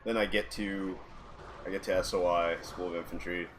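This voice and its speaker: A man's voice: low-pitched, little pitch movement, moderate pace, slight background noise. A man, a podcast guest, casually telling anecdotes in an easygoing way and laughing often. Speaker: podcast guest, former Marine. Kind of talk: casual storytelling.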